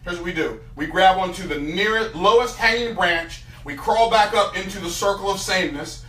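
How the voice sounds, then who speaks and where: A man giving a motivational seminar talk, an animated storyteller who throws rhetorical questions at his audience. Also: sits high, normal speed, slight background noise. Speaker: motivational speaker. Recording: roomy hall, mic at a distance.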